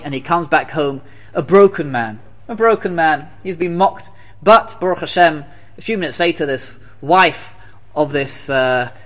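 A man with a high-pitched voice delivers a storytelling sermon. He speaks with emphatic energy and keeps repeating key phrases for effect. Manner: animated, repetitive, emphatic. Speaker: religious teacher.

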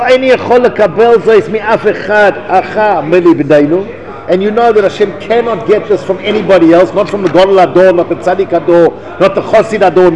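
Guy giving a torah class, high voice, talks fast, jumps all over the place, long reverb in the hall. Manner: animated, reads Hebrew text then translates, acts out dialogue. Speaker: rabbi teaching a class. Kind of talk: Torah lecture.

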